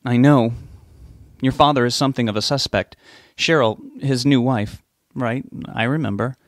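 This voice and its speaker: A frightened, tearful mother pleads down the phone line, as a male narrator raises his voice for her. Her voice rides higher than his usual reading, strained and urgent. The recording is close and dry. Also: normal speed, no room sound, close to an everyday voice. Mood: distressed. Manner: distressed, pleading, near tears. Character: worried tearful middle-aged mother on the phone.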